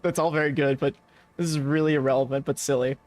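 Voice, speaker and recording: A man's voice: a little high, steady tone, fast talker, a little mellow, no room sound. A man co-hosting a podcast, chatting casually, laughing often and reading game text aloud. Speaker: podcast co-host playing a game. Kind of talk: casual let's-play chat.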